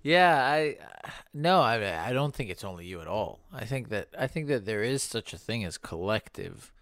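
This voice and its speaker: A man's voice: lowish voice, animated, normal speed, fairly bright tone, no room sound. A man co-hosting a podcast, rambling and riffing playfully in casual chat. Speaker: podcast co-host.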